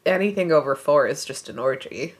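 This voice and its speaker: A woman's voice: deep voice, animated, brisk. A woman co-hosting a podcast in casual chat, laughing often. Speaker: podcast co-host.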